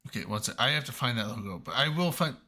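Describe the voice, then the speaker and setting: A man in casual gaming chat on a voice call, scattered and quick to laugh at himself. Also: medium pitch, lively intonation, pushed and bright, husky. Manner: scattered, self-mocking, laughs often. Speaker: podcast co-host.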